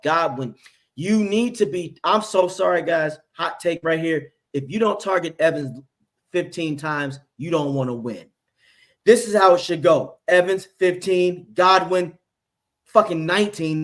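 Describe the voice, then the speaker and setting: A man hosting a sports reaction stream, ranting with fired-up, profane energy. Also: a little high. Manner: fired up, profane, ranting, mocks people in put-on voices. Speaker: host. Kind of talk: heated sports reaction chat.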